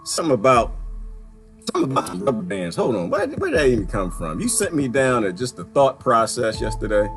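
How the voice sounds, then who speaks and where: A man ranting in a casual vlog, swinging from loud outbursts to quiet mutters and laughing often, with folksy talk. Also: medium pitch, sing-song, brisk, hardly any pauses, over music. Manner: folksy, uses "y'all". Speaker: vlogger. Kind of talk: ranting monologue.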